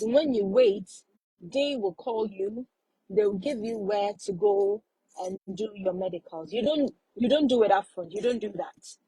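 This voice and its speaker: Woman, live-stream host, warm mellow tone, slightly husky, chatty, repeats herself for emphasis, dry close sound. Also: medium pitch, no echo, rough recording. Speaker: live-stream host giving study-abroad advice. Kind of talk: casual live-stream chat.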